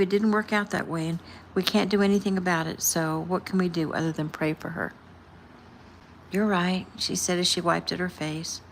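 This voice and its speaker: A woman, the author, casually reading her own novel aloud and softly voicing the characters' dialogue. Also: lowish voice, gravelly, a little hiss or hum.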